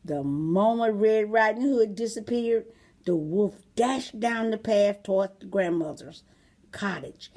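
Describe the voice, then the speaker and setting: A woman reading a storybook aloud for children, expressive and asking the listener questions. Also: mid-range voice, a little slow.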